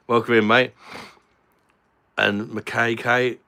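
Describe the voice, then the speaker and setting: A young Englishman runs a casual live stream, chatting, joking, and swearing offhandedly as he reads viewers' comments. His medium-pitched voice is sharp in tone, flat in delivery, and slow.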